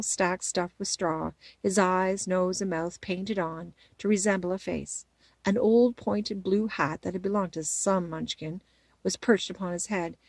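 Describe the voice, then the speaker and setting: A woman narrating a children's storybook in a measured, gentle way. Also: medium pitch, gravelly, husky, no echo. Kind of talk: storybook reading.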